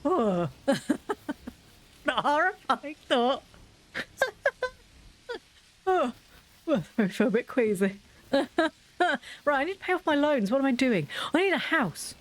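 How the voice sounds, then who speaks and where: A woman with a high voice and big pitch swings talks a little slowly, pausing often, as she streams a game. Her let's-play chatter is rambling and giggly, full of self-mockery.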